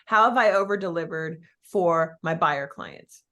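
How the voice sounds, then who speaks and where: A woman coaching real estate agents in an energetic, chatty way, with many fillers and small restarts. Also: fairly low pitch, a little slow. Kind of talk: coaching talk to an audience.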